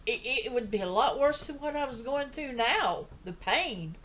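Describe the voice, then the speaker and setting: A woman's voice: fairly high pitch, animated, normal speed, a bit bright, a little hiss or hum. Older woman telling her story earnestly. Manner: earnest, chatty storytelling with asides. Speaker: vlogger telling a personal story. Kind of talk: casual testimony.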